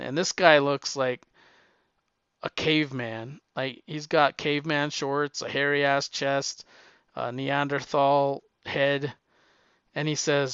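A man's voice: medium pitch, little pitch movement, takes it slowly, a bit bright, clear, resonant tone, dry recording, muffled recording. A young man casually retelling a story, chatty and amused, with plenty of fillers.

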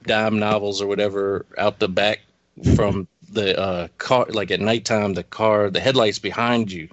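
A man's voice: lowish voice, steady tone, unhurried, no room sound, dull audio. A man casually telling a childhood story, swearing freely.

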